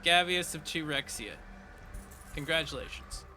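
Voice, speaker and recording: A male game streamer talking through his run in a high, very bright voice. He is excitable and casual, sliding between chatty asides and sudden bursts of shouting. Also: unhurried, slight background noise. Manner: excitable, breaks into laughter and shouts. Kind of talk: casual gameplay commentary.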